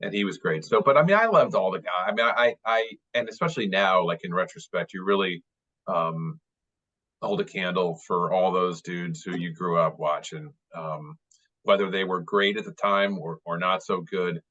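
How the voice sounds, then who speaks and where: A man with a very low voice talks in a loose, rambling way, full of fillers and restarts, as he reminisces. The sound is dull and lo-fi, like audio from a video call. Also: moderate pace, fairly bright tone. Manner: rambling, many fillers and restarts, fond and chatty. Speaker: baseball writer, guest speaker. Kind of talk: casual interview over video call.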